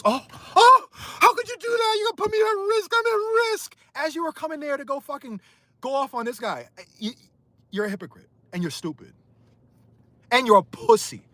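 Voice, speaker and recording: A man ranting angrily on a livestream, hurling insults and swinging between loud outbursts and muttered asides. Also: sits high. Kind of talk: heated livestream rant.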